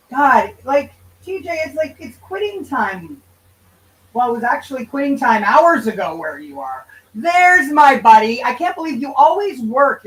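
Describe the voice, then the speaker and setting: Woman streamer, fairly high voice, a little off mic, casual and profane with her viewers. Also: far from the mic, rough recording. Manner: loose, profane, banters with chat. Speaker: livestream host. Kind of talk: casual livestream chat reading viewer comments.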